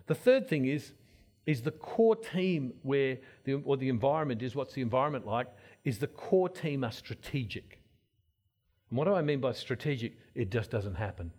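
A husky-voiced man gives an informal sermon-style talk at an ordinary middle pitch. He rambles through stories and restarts often. His voice swings between loud bursts and soft asides. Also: expressive, normal speed. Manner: rambling storyteller, many restarts.

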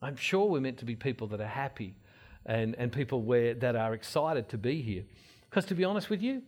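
A man giving an informal sermon-style talk, telling stories with many restarts and swinging between loud and soft. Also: mid-range voice, expressive, fairly quick. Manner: rambling storyteller, many restarts.

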